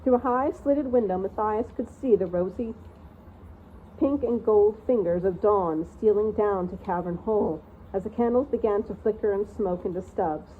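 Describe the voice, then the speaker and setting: A woman narrating a storybook aloud in an expressive read-aloud style. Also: medium pitch, moderate pace. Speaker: reader of a channel read-aloud. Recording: tinny phone-like sound, faint hiss.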